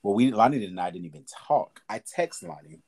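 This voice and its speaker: A man's voice: on the low side, animated, fairly quick, vocal fry, darkish tone. A young man hosting a podcast, talking candidly and conversationally about hard times, with fillers and repeated words. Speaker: podcast host. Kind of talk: reflective podcast monologue.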